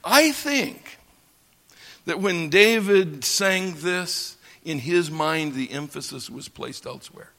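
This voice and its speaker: A man from the United States teaching a lecture on scripture, slow and emphatic, pausing for effect and building his lines up. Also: on the high side, expressive, creaky, pushed and bright. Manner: slow, emphatic delivery with dramatic pauses and swells. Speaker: Bible teacher. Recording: long reverb of a large hall.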